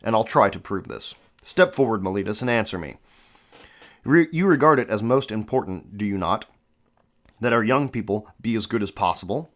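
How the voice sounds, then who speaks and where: A man's voice: lowish voice, expressive, moderate pace, a bit bright. A man reading a classic philosophical dialogue aloud, with an earnest, questioning delivery and the odd restart. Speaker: reader of classic texts.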